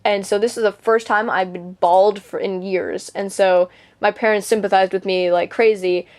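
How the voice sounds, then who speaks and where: Steady in tone, with a mid-range voice and a moderate pace, a teenage girl tells the camera about something that happened to her. The vlogger is indignant and swears freely, full of fillers and false starts.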